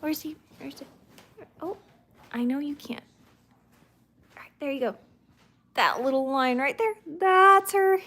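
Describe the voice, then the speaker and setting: A woman's voice: high-pitched, a little slow, pauses often, a little hiss or hum. A woman hosting a casual livestream at home, chatting to viewers and talking fondly to her dogs. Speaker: livestream host.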